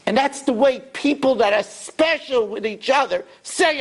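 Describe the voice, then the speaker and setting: A middle-aged rabbi giving a sermon, telling stories and acting out quotes. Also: male voice, very high-pitched, moderate pace, gravelly, hardly any pauses, slightly rough. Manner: animated storytelling, acts out quotes.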